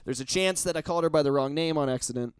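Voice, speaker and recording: A man casually telling a story on a podcast, animated and profane, acting out the quotes. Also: on the high side, rapid-fire, clean tone, dry recording, studio quality. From lives in Los Angeles area.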